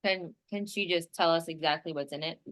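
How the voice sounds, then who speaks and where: A woman's voice: low voice, fairly quick. A woman playing a tabletop game, asking skeptical questions about the story. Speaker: player. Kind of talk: casual game chat.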